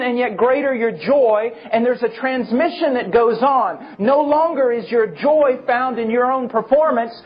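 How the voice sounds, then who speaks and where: Male preacher, fervent and emphatic, husky tone, lo-fi sermon audio. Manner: impassioned, emphatic preaching with swings in pitch.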